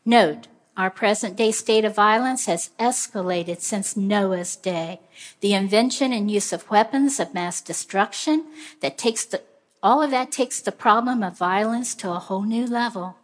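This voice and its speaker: A woman preaching a sermon, speaking in an earnest, measured storytelling way. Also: medium pitch.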